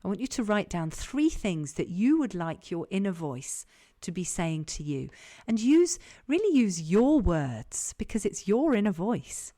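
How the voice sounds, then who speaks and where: A woman leadership coach guiding an online group session, calm and encouraging, repeating her key questions. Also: mid-range voice, a little slow. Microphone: online call.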